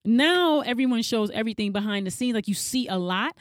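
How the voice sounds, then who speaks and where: A woman co-hosting a casual chat, telling stories with lively energy and acting out what others said. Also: a little fast, dry recording, clean studio sound. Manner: animated storyteller, acts out quotes in a high voice.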